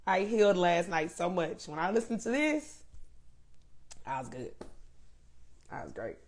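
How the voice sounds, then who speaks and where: A woman's voice: on the low side, very animated, a little slow, a little mellow. A woman hosting a casual live stream, greeting viewers by name and laughing often while she waits for her guest, speaking.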